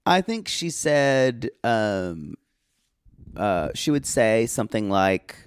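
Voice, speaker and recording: A man co-hosting a podcast, chatting casually through a reality show recap. His voice sits at an average pitch but moves a lot within a phrase, and he drops dry, wry asides. The sound is close and dry. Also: very animated, takes it slowly, smooth, no echo. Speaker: podcast co-host.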